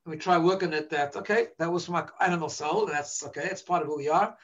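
High-voiced man giving a spiritual talk. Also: fast, a bit bright, highs cut off. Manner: storytelling, frequent "right?" checks. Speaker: religious teacher. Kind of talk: informal lecture to a live audience.

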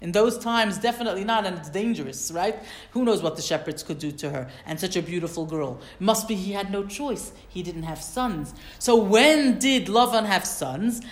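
A woman teaching a Torah lesson, quoting Hebrew verses and then translating them in an animated, questioning way. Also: medium pitch, moderate pace, reverberant.

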